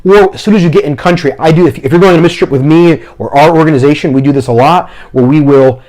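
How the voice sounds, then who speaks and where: A man who talks fast, giving practical teaching advice to camera and acting out short examples as he goes. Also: on the high side, a little mellow. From Philadelphia, family from Puerto Rico. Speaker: mission trip leader and preacher. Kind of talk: instructional talk to camera.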